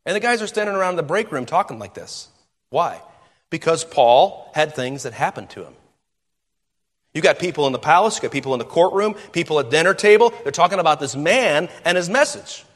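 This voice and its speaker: A male pastor preaching a sermon in an animated, conversational way, with quick asides and restarts. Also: a little high. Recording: long reverb of a large hall.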